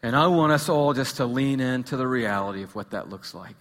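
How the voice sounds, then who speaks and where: A man preaching a sermon, an animated storyteller with humorous asides who sometimes drops to a hushed intensity. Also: mid-range voice, normal speed. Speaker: pastor. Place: church sanctuary. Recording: long reverb of a large church hall.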